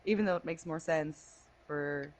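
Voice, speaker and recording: A woman co-hosting a podcast in casual chat, chatty and quick to laugh, swearing casually. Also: deep voice, a little hiss or hum, low-quality recording. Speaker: podcast co-host.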